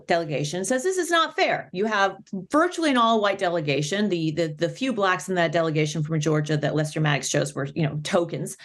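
A woman, an author and professor, explaining history in an animated way during a radio interview. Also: mid-range voice. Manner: animated, explains with many asides.

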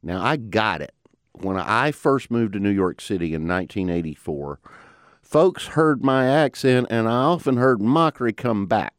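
A man with a Southern mountain twang, hosting and narrating a scripted program in a measured, folksy way. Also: on the low side, lively intonation, no echo, studio quality. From American South. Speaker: host.

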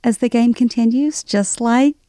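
A woman's voice: fairly high pitch, normal speed, dark tone, no echo, studio quality. A woman in her forties from Alabama with a Southern accent, a guest telling wry stories in an interview and laughing often. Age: 40s. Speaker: guest, writer. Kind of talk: casual interview talk.

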